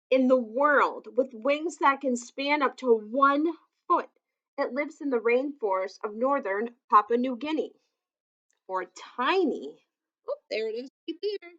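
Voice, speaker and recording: A woman reading a children's picture book aloud, gently adding asides that explain things to young listeners. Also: on the high side, lo-fi sound.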